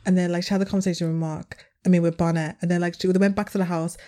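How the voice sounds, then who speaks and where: A young British woman co-hosting a casual podcast chat, animated and quick to laugh. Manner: animated, laughs often, acts out quotes in high voices. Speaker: podcast co-host.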